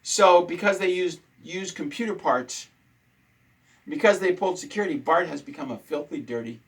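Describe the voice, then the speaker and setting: A man's voice: fairly high pitch, normal speed, husky, rough recording. Indignant man ranting in a casual chat. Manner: indignant, repetitive emphasis. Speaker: host.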